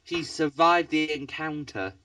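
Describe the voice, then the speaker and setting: A man's voice: a little high, measured pace, pushed and bright, dry recording, distant mic. A man co-hosting a casual podcast, talking hesitantly with lots of fillers. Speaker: podcast co-host.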